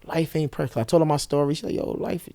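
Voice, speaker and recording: A young man speaking as an interview guest, telling a personal story candidly and bluntly, with profanity, and acting out the dialogue with quick shifts of voice. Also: on the high side, vocal fry, dark tone, dry recording.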